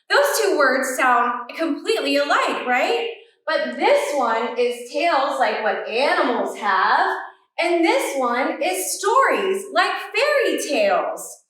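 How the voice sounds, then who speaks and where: High lively librarian lady reading a kids book slowly, echoey room, mic far off. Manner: animated, sing-song, coaxing children. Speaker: children's librarian. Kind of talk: children's story time reading.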